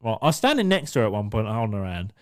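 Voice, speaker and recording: A man's voice: on the low side, very animated, very fast, smooth. A young man on a podcast, telling a story in casual chat, swearing freely and acting out what people said. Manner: swearing, storytelling, acts out quotes. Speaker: podcast co-host.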